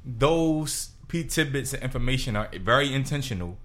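A man hosting a podcast who asks questions by building long, playful, animated scenarios. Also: mid-range voice, normal speed. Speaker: podcast host asking questions. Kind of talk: casual podcast chat.

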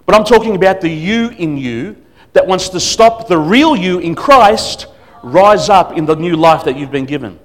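This is a man giving a sermon as a guest pastor. His voice sits a little high for a man. He mixes humor into his stories and acts out the voices of the people in them. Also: expressive, normal speed, few pauses. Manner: storytelling with humor and acted quotes.

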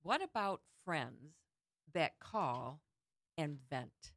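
Older woman co-host, bright and lively pitch, dry close mic, quick to laugh. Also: no room sound. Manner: lively, laughs often, chimes in. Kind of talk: casual chat.

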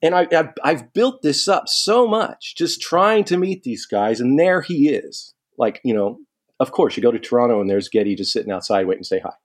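Animated man telling a story. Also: mid-range voice, moderate pace. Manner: animated, quotes people in lively asides. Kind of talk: casual storytelling.

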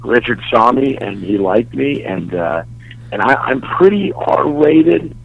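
Gravelly man with a New York-sounding accent. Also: medium pitch, expressive, slow pace, phone-quality sound. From Dallas, Texas. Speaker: stand-up comedian guest. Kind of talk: casual interview chat.

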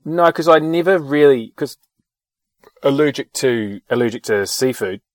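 A man's voice: mid-range voice, animated, measured pace, no room sound, studio quality. A man telling rambling anecdotes in casual chat, with fillers and swearing. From New Zealand.

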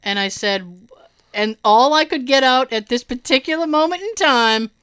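A woman with hearing loss in her right ear tells a story in casual chat, acting out other people's words and laughing frequently. Her voice sits high and smooth, at normal speed.

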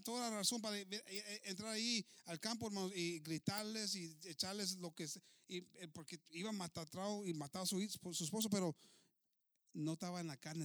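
A male preacher with a somewhat high voice tells a story in a bilingual sermon, switching back and forth to interpret himself. He stumbles and restarts, repeating words and calling his listeners brothers. The sound is dry and close, with no room echo. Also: a bit bright.

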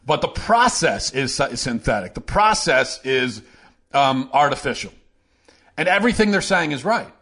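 A man hosting a political opinion show, delivering a sarcastic, animated monologue. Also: medium pitch, moderate pace. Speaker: podcast host.

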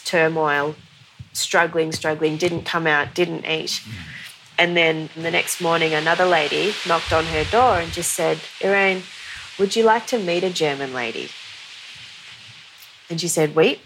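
Lower-voiced woman telling a story. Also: a little hiss or hum. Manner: warm storytelling with fillers like "you know". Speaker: podcast guest. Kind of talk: storytelling in conversation.

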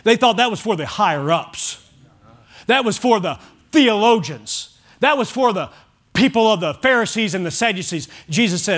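A man preaching a sermon as pastor, driving points home with shouted emphasis and rhetorical questions. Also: sits high, lively intonation, moderate pace.

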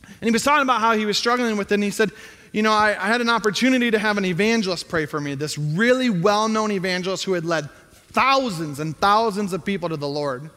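A man's voice: sits high, fast talker, pushed and bright. A middle-aged male pastor preaching a sermon in a conversational tone that rises to emphatic pleading. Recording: hall reverb.

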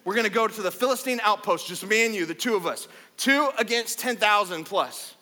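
A bold young warrior prince, as a preacher retells him, brash and eager for a fight. The voice sits high and bright. A long hall reverb trails every line. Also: male voice, brisk. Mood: rallying.

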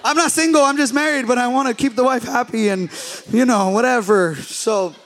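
A young man with a very high, light voice tells a story from the pulpit, playing it for laughs. He is a pastor who jumps into acted-out dialogue and keeps the pace animated. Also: brisk. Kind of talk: storytelling sermon.

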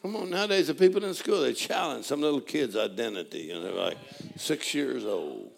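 Gravelly older preacher. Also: male voice, mid-range voice, expressive, a little fast. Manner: folksy, joking, rising to shouted praise. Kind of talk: sermon. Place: church hall. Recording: live church audio with crowd. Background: congregation laughing and responding.

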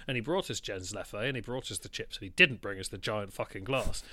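A man co-hosting a podcast, telling a story in a casual, animated way, swearing and laughing as he goes. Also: on the low side, fairly quick, no echo. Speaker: podcast co-host.

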